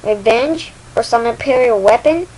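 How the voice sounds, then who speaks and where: A woman voicing a bold, wisecracking young female bounty hunter from a game, loud and excitable. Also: fairly high pitch, normal speed, husky, poor audio. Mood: brash, excited. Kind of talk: retelling a game scene in voices.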